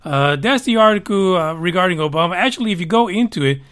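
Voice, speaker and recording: A fast-talking, high-pitched podcast host runs through news stories casually, riffing on them with animated sarcasm and frequent swearing.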